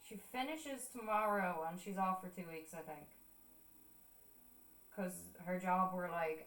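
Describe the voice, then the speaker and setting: A woman's voice: lowish voice, unhurried, pauses often, a bit bright, distant mic. A young Irish woman telling stories in casual stream chat, swearing freely and acting out what people said. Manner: chatty storytelling, swears freely, acts out quoted voices. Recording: echoey room, voice a bit off-mic.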